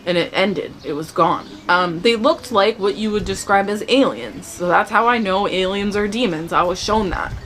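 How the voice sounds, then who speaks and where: A woman sharing a personal faith testimony in casual storytelling, animated and acting out the dialogue as she tells it. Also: mid-range voice, normal speed, hardly any pauses, a little hiss or hum. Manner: animated, acts out dialogue in the telling.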